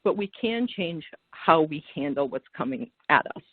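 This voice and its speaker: A man panelist in a webinar discussion, reflective and halting, repeating words as he starts a thought. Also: a little high, expressive, no echo. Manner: reflective, stammers on sentence openings. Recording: tinny phone-like call audio.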